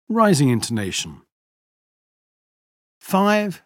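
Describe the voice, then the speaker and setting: A man reading example sentences for a pronunciation lesson, slow and clearly articulated. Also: mid-range voice, big pitch swings, no room sound, clean studio sound. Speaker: pronunciation teacher. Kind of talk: scripted language lesson.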